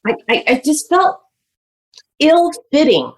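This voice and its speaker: A woman guest on a podcast, telling her life story in an animated, chatty way full of "like" and "you know". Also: high voice, slow. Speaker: guest author. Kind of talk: personal storytelling in a podcast interview.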